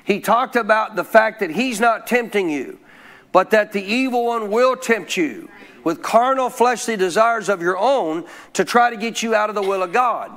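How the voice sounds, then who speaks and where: A pastor with a high, fairly bright voice preaches at a normal speed. He questions his congregation and has them echo phrases back to him in call-and-response style.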